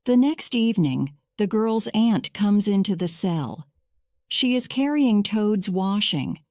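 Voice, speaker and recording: A woman reading a simple storybook aloud for English learners, clear and deliberate. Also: medium pitch, animated, darkish tone, no room sound, studio quality. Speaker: narrator. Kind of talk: slow scripted story narration for English learners.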